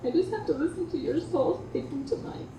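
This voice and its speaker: A woman's voice: very high voice, a little fast. A woman giving a heartfelt eulogy and toast for her late partner at a memorial gathering. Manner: heartfelt, tender storytelling. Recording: echoey room, distant mic, background noise.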